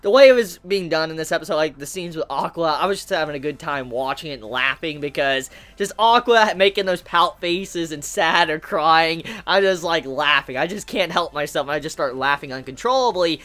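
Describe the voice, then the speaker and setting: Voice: mid-range voice, expressive, brisk, hardly any pauses, a bit bright. An anime reviewer giving a casual spoken episode review, swearing often and laughing while talking.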